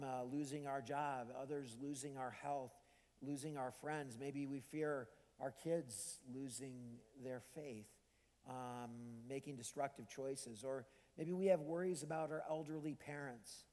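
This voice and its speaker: A man's voice: medium pitch, darkish tone, in a large hall. A man preaching a sermon in a conversational way, with frequent ums and restarts. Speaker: pastor.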